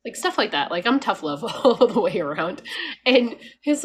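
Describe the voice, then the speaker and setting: A woman's voice: fairly high pitch, big pitch swings, moderate pace, husky. A woman vlogger talking casually and frankly, laughing often and mimicking others as she rants. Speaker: homesteading vlogger. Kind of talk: casual talking-head rant.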